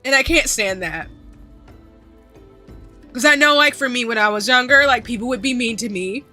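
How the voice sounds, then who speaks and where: A woman streamer speaks straight to her chat in a casual, earnest way, her voice on the verge of tears. Her tone is bright and sharp, set a little high for a woman. Soft music plays faintly underneath. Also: normal speed. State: tearful, voice choking up.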